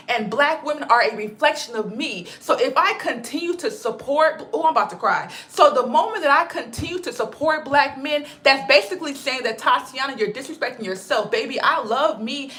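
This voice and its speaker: A woman's voice: high voice, pushed and bright. A woman hosting a commentary vlog, talking emphatically and with profanity, repeating her points for effect and calling her listeners "baby". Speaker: channel host.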